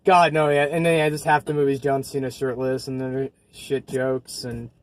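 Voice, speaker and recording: A man's voice: medium pitch, level tone, normal speed, dry recording. A man casually chatting about bad movies, rambling and swearing often, with frequent laughs. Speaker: co-host. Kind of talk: casual movie review chat.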